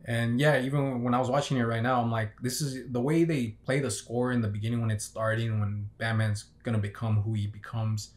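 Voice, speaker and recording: A man's voice: medium pitch, fairly even intonation, fairly quick, few pauses, a little mellow. A young man giving a casual, unscripted movie review, rambling with many fillers and restarts. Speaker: film reviewer.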